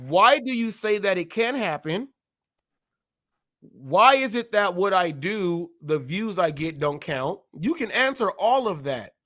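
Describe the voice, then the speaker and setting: Male livestream host with a high voice, emphatic and repetitive, challenging his viewers. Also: animated, a little slow, a bit bright. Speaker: live show host. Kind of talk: heated livestream talk.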